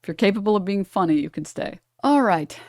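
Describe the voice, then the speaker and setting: Woman streamer, casual reaction talk, blunt and swearing, mid pitch, dry close mic. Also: lively intonation, a little fast, a little mellow, dry recording. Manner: blunt, profane, mocking.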